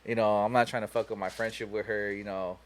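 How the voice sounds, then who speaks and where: A man's voice: on the low side, flat delivery, fast talker. A young man on a podcast telling a long, profane story in a rambling way, full of "you know" and "like.". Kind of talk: casual storytelling chat.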